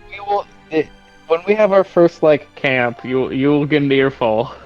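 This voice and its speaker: Slow-talking man on a dull call. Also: a little high, animated, soft background music. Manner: hesitant, full of ums, laughs at himself. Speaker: tabletop game player. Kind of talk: casual chat after a game session.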